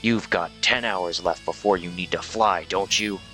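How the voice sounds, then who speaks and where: A man's voice: sits low, normal speed, bright, forceful tone, faint music behind. A man voicing a brash army officer in a game, barking orders in a bossy way.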